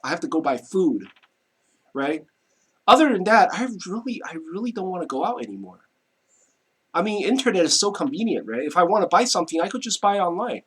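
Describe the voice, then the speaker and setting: A man's voice: sits high, very animated, fairly quick, fairly bright tone, slightly rough. A man talking casually at his desk, rambling and repeating himself with lots of "you know" and "right". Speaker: vlogger. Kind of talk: casual monologue to camera. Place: home, seated at his desk.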